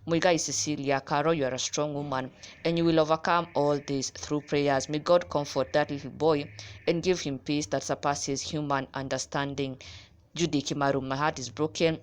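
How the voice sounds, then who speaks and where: A woman's voice: low voice, fairly even intonation, moderate pace. A woman presenting entertainment news, reading steadily and mixing Kikuyu with English. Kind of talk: read news narration.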